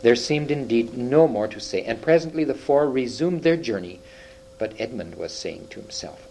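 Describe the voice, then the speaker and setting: A man narrating an audiobook with measured, expressive storytelling. His pitch rises and falls freely through each sentence. A faint hum sits underneath the recording. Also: gravelly, poor audio.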